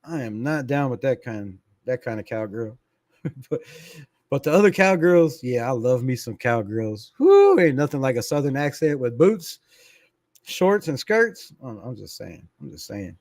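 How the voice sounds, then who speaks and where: A man's voice: mid-range voice, big pitch swings, measured pace, a little mellow, no echo, clean studio sound. A middle-aged man hosting a sports fan livestream in a casual, laid-back way. He reads viewer comments aloud, laughs often and swears freely. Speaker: fan channel livestream host.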